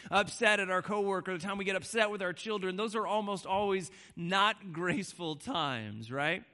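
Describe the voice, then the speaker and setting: A man's voice: high-pitched, moderate pace, sharp tone. A man in his thirties preaching a conversational sermon, often repeating words and checking in with "right?". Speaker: pastor.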